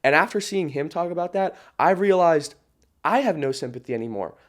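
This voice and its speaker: Blunt, profane young man, slightly high voice. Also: lively intonation, a little fast. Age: late teens. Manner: blunt, profane, emphatic, peppered with "bro"; rambling with frequent restarts. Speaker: podcast guest, entrepreneur. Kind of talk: casual podcast storytelling.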